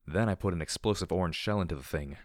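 Deep-voiced man reading a dark story. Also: fast talker, no room sound, studio quality. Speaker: narrator. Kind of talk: audiobook reading of dark fan fiction.

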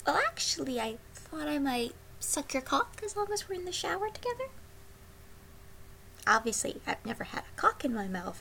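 A young woman performing an intimate audio role-play, breathy and pleading, often sinking into soft whispers. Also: high-pitched, sing-song, moderate pace, a little hiss or hum.

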